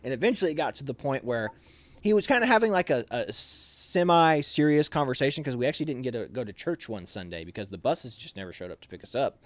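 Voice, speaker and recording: A young man telling army stories in a casual chat, animated and laughing as he acts out lines. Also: mid-range voice, fast.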